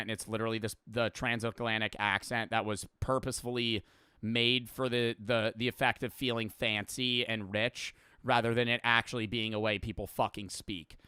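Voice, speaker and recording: A man's voice: medium pitch, fairly even intonation, fairly quick, sharp tone, clean tone, no room sound, studio quality. A man streaming and reacting to a video in casual, profane, rambling talk with lots of fillers.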